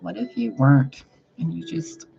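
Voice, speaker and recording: A man's voice: on the high side, expressive, moderate pace, creaky. A man giving casual spiritual advice as a tarot reader, talking bluntly and swearing freely. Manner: blunt, profane, chatty. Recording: dull lo-fi sound with loud music. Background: music.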